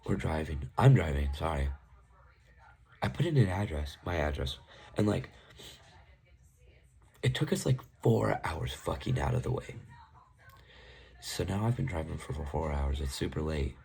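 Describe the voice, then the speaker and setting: Young male vlogger, very low gravelly voice, rambling exasperated storytelling. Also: expressive, unhurried, pauses often, darkish tone. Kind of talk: casual storytime rant.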